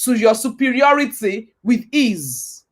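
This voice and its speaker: A motivational speaker with a fairly high voice takes her time, her pitch swinging widely. She's emphatic and repetitive, driving each point home with rhetorical questions. Like a preacher, she quotes scripture.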